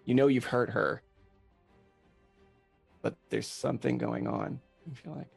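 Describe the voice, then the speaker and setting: A man's voice: medium pitch, fairly even intonation, unhurried, creaky, husky, faint music behind. A man narrating a tabletop game as game master, teasing the players and laughing easily.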